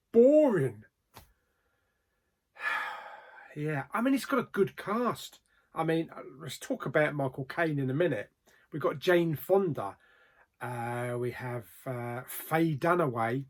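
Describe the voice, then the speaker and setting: A man reviewing films in a casual vlog, plain-spoken, with frequent ums and trailing pauses. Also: fairly high pitch, husky. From Australia. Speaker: movie reviewer.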